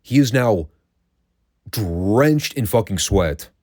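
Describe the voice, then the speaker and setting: Wry low-voiced man recapping wrestling. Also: lively intonation, slow, darkish tone, no echo, clean studio sound. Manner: wry, sarcastic, swears casually. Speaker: podcast host reviewing classic wrestling. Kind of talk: casual recap commentary.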